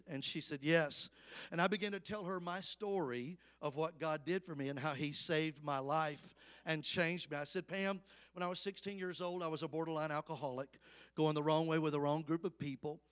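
A man's voice: fairly high pitch, normal speed, fairly bright tone, clear, resonant tone. A man in his fifties with a Southern Alabama accent, preaching a storytelling sermon with emphatic, folksy calls to the congregation. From Alabama, USA. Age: 50s. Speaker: evangelist preacher.

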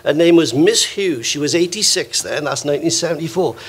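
Older Welsh-born male preacher, slightly high voice, anecdotal sermon style. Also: lively intonation, fairly quick, slightly rough. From Wales. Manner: storytelling, warm anecdotes with acted quotes. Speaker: visiting preacher. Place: church hall.

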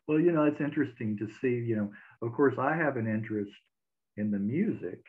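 A man hosts a casual interview in a relaxed way, laughing along with his guest and answering in brief remarks. His mid-range voice comes through a thin, tinny, phone-like line. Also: mid-range voice, fairly quick. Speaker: podcast interviewer.

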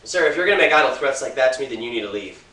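A polite, firm restaurant manager, played by a man speaks formally in a bright voice. He is recorded from a distance in an echoey room, with a faint hiss. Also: mid-range voice, animated, racing, voice pushed down. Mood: calm. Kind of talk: amateur comedy sketch.

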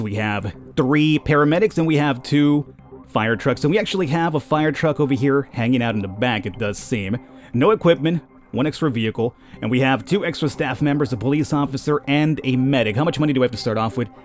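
A man's voice: medium pitch, brisk. A man hosting a casual let's-play, chatting and rambling as he plays and laughing easily. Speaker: gaming YouTuber.

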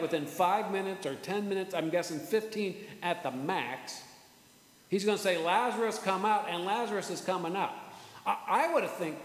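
A man preaching a sermon as pastor, earnest, repeating words and slowing down for emphasis. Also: sits high. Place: church sanctuary. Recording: echoey church hall with faint ambience.

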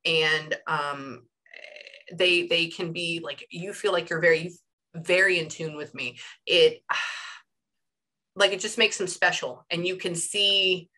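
A woman's voice: on the low side, steady tone, slow, pushed and bright. A woman astrologer and psychic reader giving a casual one-on-one session over a video call, chatty and rambling with lots of "like". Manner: chatty and rambling, heavy use of "like". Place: home room. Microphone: headphones on a video call.

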